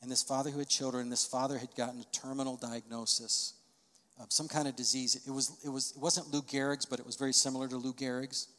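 A middle-aged male pastor delivers a storytelling sermon, his voice sitting at an ordinary middle pitch. He swells into loud, emphatic peaks to drive points home. His words ring out with a long reverb, as in a large church sanctuary. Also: flat delivery, fast talker.

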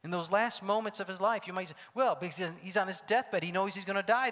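A man's voice: high-pitched, a little fast, hardly any pauses. Preaching man in a reverberant hall. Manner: preaching with swings from loud calls to hushed asides. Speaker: pastor. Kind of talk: sermon.

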